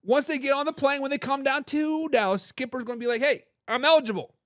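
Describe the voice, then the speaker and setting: A man with a high-pitched voice hosts a live football talk show, talking casually and with plenty of animation. He throws in slangy catchphrases and often restarts his phrases as he reads viewers' comments aloud. The sound is dry and close, with no room echo. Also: fast talker, fairly bright tone. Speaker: sports talk show host.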